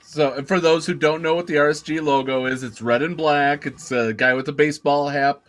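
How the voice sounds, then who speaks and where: A man hosting a podcast, asking chatty questions full of quick restarts. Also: fairly high pitch, fairly even intonation, fairly bright tone. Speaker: podcast host. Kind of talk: casual interview chat.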